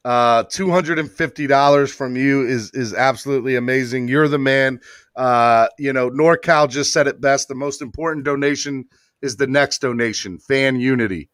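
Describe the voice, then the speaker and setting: A man hosting a casual live sports podcast, excitable and emotional, talking with many fillers and restarts. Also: medium pitch, normal speed, no echo, studio quality. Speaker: podcast host. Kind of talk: casual live-stream chat.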